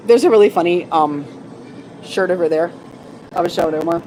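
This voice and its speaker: A woman's voice: on the low side, fairly quick, warm tone, a little hiss or hum, rough recording. A woman co-hosting a casual livestream from a shop late at night. She is sleepy and silly, laughing and reading chat messages aloud. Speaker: livestream co-host.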